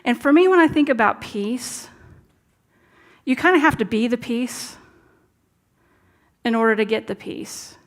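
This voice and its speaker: A woman's voice: a little high, expressive, measured pace, long pauses. Earnest woman preaching conversationally. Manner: conversational, earnest, drops to soft asides. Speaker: minister. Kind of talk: sermon. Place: church sanctuary.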